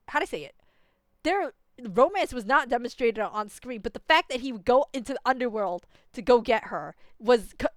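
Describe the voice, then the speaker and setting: With a high voice and no echo, a young woman gives casual commentary on a story game she's playing. She's an exasperated, ranting streamer who fills her speech with "like" and other fillers.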